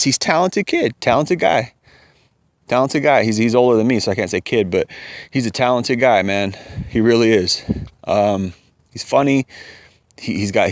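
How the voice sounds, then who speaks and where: A man's voice: mid-range voice, no echo. A young man ranting in a heated, profane, rambling commentary as a vlogger.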